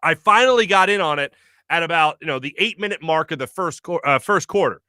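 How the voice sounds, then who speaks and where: A man hosting his radio show, telling a story in a chatty, animated way full of fillers, recorded on a studio mic. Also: fairly high pitch, brisk, dry recording. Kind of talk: casual solo monologue.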